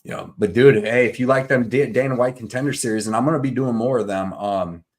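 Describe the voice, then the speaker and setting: A man hosting a live betting show, chatting loosely, joking and shouting out names from the chat. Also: medium pitch, fast. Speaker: podcast host.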